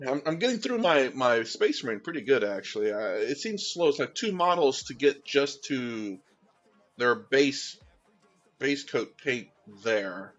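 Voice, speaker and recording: A man's voice: medium pitch, very animated, a little slow, faint music behind. A man streaming as he paints miniatures, chatting casually with viewers in a rambling, easygoing way with many fillers and restarts. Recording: dull, slightly lo-fi sound.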